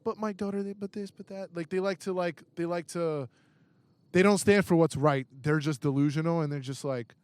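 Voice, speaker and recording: A young man with a somewhat high voice tells a story as a podcast guest, swearing freely and acting out what each person said. He restarts his sentences as he gets worked up. The room sounds dry and close. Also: moderate pace, clean tone, no room sound. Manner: profane, acts out quoted voices; excitable, restarts often. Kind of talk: casual storytelling. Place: indoors, podcast recording.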